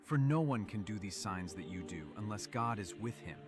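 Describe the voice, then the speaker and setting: A man's voice: fairly low pitch, expressive, moderate pace, music in the background, natural voice. Earnest, formal scholar, voiced by a man. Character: respectful male scholar questioning a teacher. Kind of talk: game voice-over.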